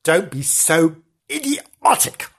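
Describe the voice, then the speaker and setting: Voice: medium pitch, big pitch swings, takes it slowly, gravelly, breathy edge, heavily acted. A storyteller voicing Nobbs, a haughty male dog in a children's story who scolds the others. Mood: scornful.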